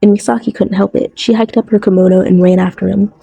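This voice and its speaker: A woman reading a novel aloud in an even, measured way. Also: mid-range voice, vocal fry, breathy edge, poor audio. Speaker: audiobook narrator. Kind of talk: scripted narration.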